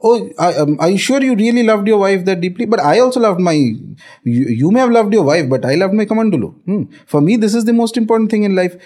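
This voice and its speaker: A man with an Indian accent voicing an earnest, calm yogi in a retold legend. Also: sits high, fast talker, pitched above the performer's own voice. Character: calm immortal male yogi.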